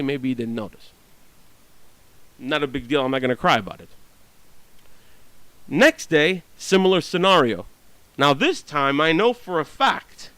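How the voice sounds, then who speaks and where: A man's voice: fairly high pitch, a bit bright, dry recording, rough recording. A man venting about his neighbors in a blunt, profane, ranting monologue. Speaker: vlogger.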